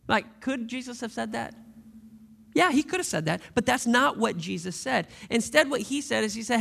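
High, gravelly-voiced male pastor preaching. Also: lively intonation, moderate pace, pushed and bright. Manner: conversational storytelling with rhetorical questions. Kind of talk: sermon.

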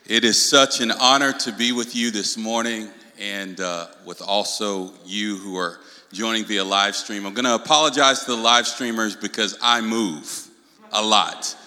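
A man from North Carolina with a Southern accent, preaching to a congregation with call-and-response and the odd shout. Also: lowish voice, a little slow. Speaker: guest preacher. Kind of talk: preaching talk. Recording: hall reverb.

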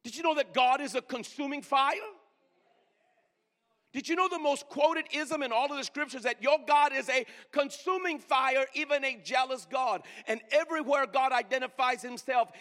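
A man's voice: very high-pitched, pushed and bright. A man preaching a sermon, urging the congregation to answer back and stretching key words for emphasis. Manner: preaching with call-and-response and drawn-out emphasis. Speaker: pastor. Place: church sanctuary. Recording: long reverb in a large hall.

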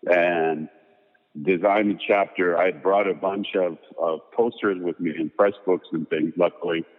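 A low-voiced man tells a long career story in a loose, rambling way, packed with "you know" and "like." The sound is thin and phone-like, with a long reverb trailing behind him. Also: fairly even intonation, moderate pace. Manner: rambling, filler-heavy anecdotes. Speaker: guest, photographer and designer. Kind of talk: casual storytelling interview.

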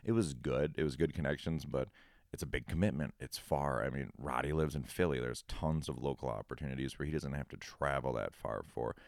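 A man's voice: very deep voice, fairly quick, vocal fry, no echo, studio quality. A young man from Minnesota who makes hot sauce, chatting casually on a podcast, laid-back, laughing often and swearing freely. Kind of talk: casual chat.

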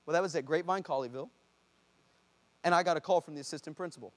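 A man, a pastor telling a story in a sermon, animated and acting out the people in it. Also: fairly high pitch, racing. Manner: animated, acts out shouts and voices of people in his story. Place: church hall before a congregation.

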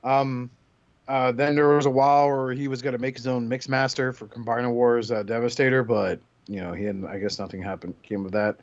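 A man's voice: mid-range voice, little pitch movement, fairly quick, no room sound, muffled recording. A man hosting a casual podcast, retelling movie scenes in a crude joking way. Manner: crude joking retelling with put-on character voices. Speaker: podcast host.

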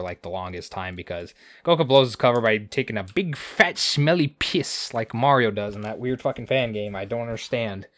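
A man's voice: mid-range voice, fairly bright tone, no room sound. A man co-hosting a podcast, recapping an episode in a rambling, crude way full of swearing and asides. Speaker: podcast co-host.

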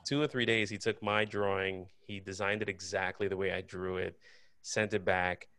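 A man who is an actor and cartoon creator, telling stories in a casual interview in an animated, expressive way. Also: sits low, moderate pace.

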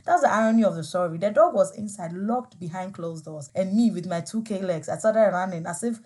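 A young woman with a Ghanaian accent tells a personal story. She speaks with animated emotion and laughs often as she talks. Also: mid-range voice, brisk, hardly any pauses. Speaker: vlogger.

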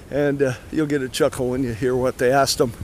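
A man walking fast and a little out of breath, rambling casually with many fillers as he introduces clips. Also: mid-range voice, level tone, a little hiss or hum. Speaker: podcast host. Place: outdoors near traffic.

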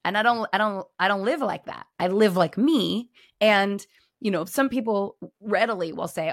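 A woman's voice: a little high, normal speed, fairly bright tone, no room sound, clean studio sound. A middle-aged woman, a former pastor, hosting a podcast in casual conversation and telling stories animatedly with voiced quotes. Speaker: podcast host.

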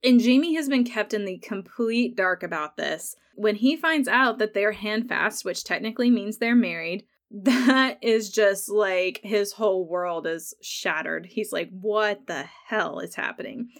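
A woman's voice: mid-range voice, lively intonation, a little slow. Chatty woman podcaster recapping an episode. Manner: chatty, laughs often, acts out quoted lines. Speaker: podcast host. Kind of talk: casual solo episode recap.

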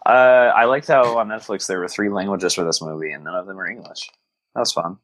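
A man's voice: low-pitched, a little fast, fairly bright tone, no echo, low-quality recording. A man co-hosting a podcast, chatting casually about a film in a rambling way with dry, wry remarks and plenty of fillers. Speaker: podcast co-host. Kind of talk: casual film-discussion chat.

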